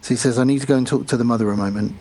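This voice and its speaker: A man with a husky, slightly breathy voice talks through a film plot on a podcast. He chats casually, dropping in short quoted lines as he goes. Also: mid-range voice, steady tone, dark tone, low-quality recording. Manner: retells scenes with quick acted quotes and laughs. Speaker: podcast co-host. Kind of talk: casual film recap chat.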